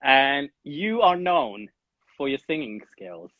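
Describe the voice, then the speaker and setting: Teasing guy hosting a chat show, gets excitable, kinda dull muffled audio. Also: a little high, slow, creaky, dry recording. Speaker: podcast host. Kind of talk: casual interview chat.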